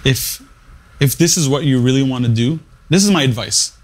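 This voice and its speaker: A man with a mid-pitched voice speaks in an interview about his path as a radio morning show producer. He talks in short, punchy phrases and often restarts his sentences. He leans hard on key words as he gives blunt career advice. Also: moderate pace.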